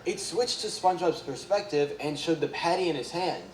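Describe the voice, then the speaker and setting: A man with a somewhat high voice reads a creepy story aloud, steady and flat. He is far from the mic in an echoey room with noise underneath. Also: normal speed, hardly any pauses.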